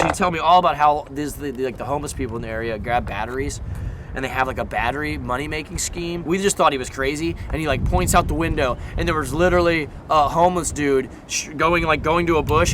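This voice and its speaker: A young man from Southern California, a skateboarding vlogger telling stories in a chatty, animated way full of fillers. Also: a little high, noisy background. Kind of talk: casual storytelling vlog.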